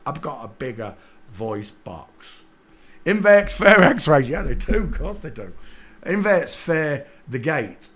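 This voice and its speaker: This man, a livestream host with a mid-range voice, wanders through a rambling monologue and bursts into excited shouts from time to time.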